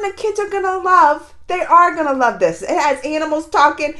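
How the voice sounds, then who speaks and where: This is a woman with a high, light voice talking casually to her viewers about a film. She is chatty and laughs easily, and she keeps calling her audience "y'all" in a relaxed, informal way. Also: normal speed, hardly any pauses. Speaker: movie reviewer. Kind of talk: casual chat.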